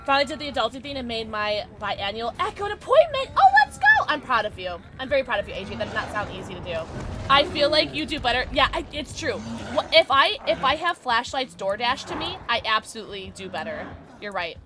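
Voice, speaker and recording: A woman streamer chatting casually during a gameplay livestream, reacting loudly and reading chat aloud. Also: a little high, fairly quick, music in the background. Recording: steady background noise.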